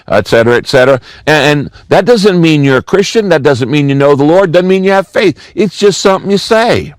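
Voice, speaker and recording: Lively, expressive older male pastor. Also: on the high side, brisk, hardly any pauses, no echo. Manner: expressive preaching, conversational asides and scripture reading. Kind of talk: sermon.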